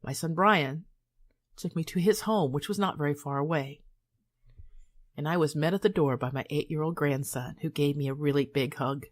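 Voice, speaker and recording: An older woman reading her own memoir aloud in a calm, measured, soothing way. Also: sits low. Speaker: author and hypnotist.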